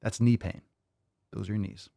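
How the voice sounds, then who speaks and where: A man's voice: on the low side, fairly even intonation, moderate pace, gravelly, dark tone. A man hosting his fitness channel, reacting to clips with profane, exasperated ranting. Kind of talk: reaction commentary.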